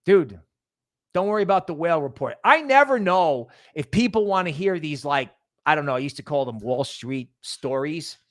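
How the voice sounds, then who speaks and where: A man's voice: fairly high pitch, animated, brisk, no room sound, studio quality. A man hosting a casual livestream, rambling and greeting chat members by name. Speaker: livestream host.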